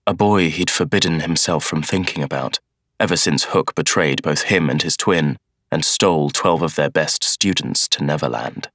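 A man reading an audiobook in unhurried, expressive scripted narration. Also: rumbling low, no echo, studio quality. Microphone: studio microphone.

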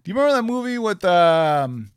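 A man's voice: sits high, very animated, fairly quick, clear, resonant tone, no room sound. Male co-host, rambling casual chat, plenty of fillers, dry close sound. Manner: rambling, many fillers and restarts. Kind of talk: casual chat about comics and movies.

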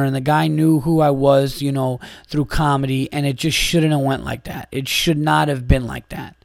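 A man's voice: on the high side, vocal fry, a little mellow, no echo, studio quality. A man hosting a podcast, delivering an exasperated, profane monologue in a casual ranting way. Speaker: podcast host and comedian.

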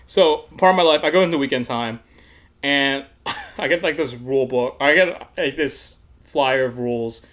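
A man's voice: mid-range voice, normal speed, fairly bright tone. A young man hosting a podcast, telling a story in casual chat, laughing often and swearing freely. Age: young adult. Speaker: podcast host.

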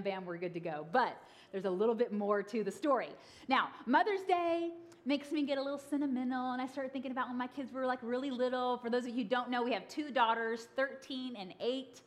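A woman in her thirties preaching a sermon, telling funny stories and acting out voices. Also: on the high side. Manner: lively, humorous, acts out voices. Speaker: pastor. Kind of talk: sermon with storytelling.

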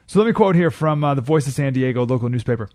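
A man's voice: medium pitch, expressive, quick pace, a little mellow, no room sound, clean studio sound. A man hosting a talk radio show, delivering an opinionated monologue with sarcastic, incredulous jabs and laughter.

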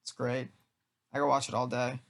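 A man's voice: mid-range voice, completely flat delivery, moderate pace. A man co-hosting a casual chat about anime, teasing and joking dryly.

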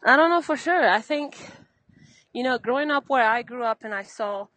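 A young woman from Benin, a tennis coach, chatting lively in an interview, a little out of breath and laughing often. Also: on the high side, normal speed, dry recording, low-quality recording. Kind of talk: casual interview chat.

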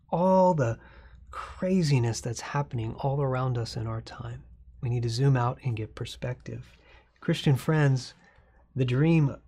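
Man, husky gravelly pastor, earnest conversational sermon delivery, loose with fillers. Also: medium pitch, dark tone. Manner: earnest, conversational preaching with frequent fillers and restarts.

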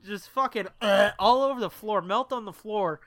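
This podcast co-host is a man with a high, fairly bright voice talking at normal speed. He rambles through a story in casual chat, swearing a lot and laughing.

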